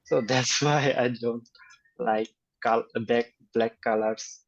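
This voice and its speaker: Young Bengali-native man in his twenties, halting exam answers at a crawl, dull low-fidelity recording. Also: vocal fry. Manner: slow, hesitant, many fillers and flat syllable-timed delivery. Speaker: test candidate. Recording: dull lo-fi sound.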